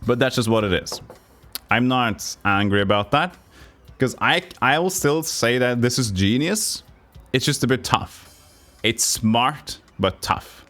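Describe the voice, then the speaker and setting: A Norwegian man streaming a puzzle game, thinking aloud in halting, self-correcting English. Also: mid-range voice, expressive, fairly bright tone. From Norway. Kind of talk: live game commentary.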